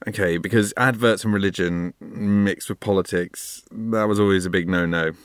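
A man's voice: low-pitched, steady tone, normal speed, clear, resonant tone, dry recording, studio quality. A man, speaking in a hesitant, doubtful way in a comedy sketch. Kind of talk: scripted comedy dialogue.

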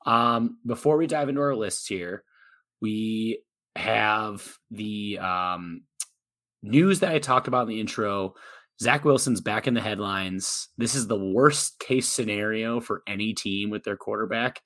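A man co-hosting a casual football podcast, his voice low-pitched but bright and forward. He rambles through the news with plenty of fillers and easy jokes. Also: unhurried. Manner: relaxed, filler-heavy, joking. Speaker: podcast co-host. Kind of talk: casual sports chat.

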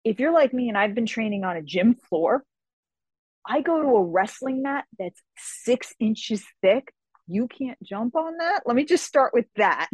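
Lively woman telling stories, dry close sound. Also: a little high, breathy edge, dry recording. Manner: animated, acts out others' lines in quick voices; laughs between phrases. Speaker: guest, fantasy novelist and martial artist. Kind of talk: casual interview storytelling.

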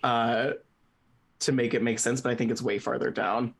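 A podcast co-host chatting casually and excitedly about a favorite book. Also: medium pitch, moderate pace. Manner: gushing and excitable. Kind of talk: casual book club chat.

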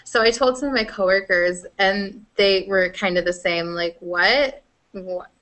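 Bright-voiced chatty young woman. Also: mid-range voice, normal speed. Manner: chatty, laughs often, lots of "like". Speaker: podcast co-host. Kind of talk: casual chat.

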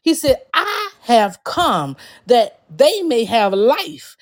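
A woman's voice: on the high side, sing-song, slow. A woman preaching a sermon on a podcast, exuberant, laughing often and calling out to her listeners, at times speaking in tongues.

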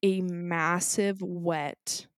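A woman's voice: on the low side, drawn-out words, dry recording, studio quality. A woman in her twenties co-hosting a podcast, telling a story in casual chat and acting out what people said. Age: 20s. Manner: animated storyteller acting out quotes. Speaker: podcast co-host.

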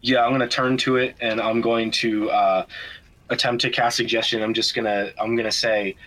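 A man's voice: mid-range voice, flat delivery, moderate pace, fairly bright tone, poor audio. A man playing a tabletop game, hesitant and full of fillers as he explains his spell ideas. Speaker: player. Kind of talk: casual tabletop game talk.

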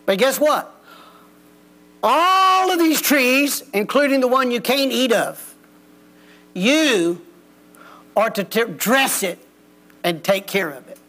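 A man's voice: very high voice, animated, takes it slowly, long pauses, pushed and bright. A man preaching a folksy, plain-spoken sermon in a church. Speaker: pastor. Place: church sanctuary.

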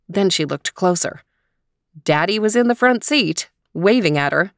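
A woman host narrating a children's story in a gentle, expressive voice. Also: on the low side, moderate pace, no echo, clean studio sound.

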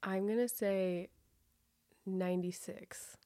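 A woman co-hosting a casual podcast in a studio, upbeat and quick to laugh. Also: medium pitch, steady tone, warm tone. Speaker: podcast co-host.

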